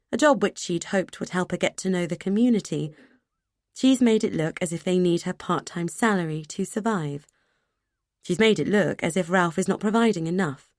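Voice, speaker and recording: A woman narrating a suspense audiobook in a measured, even way. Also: lowish voice, no echo, studio quality.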